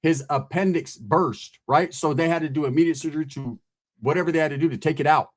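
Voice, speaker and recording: A man voicing a male hospital doctor calmly explaining a surgery. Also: a little high, brisk, natural voice.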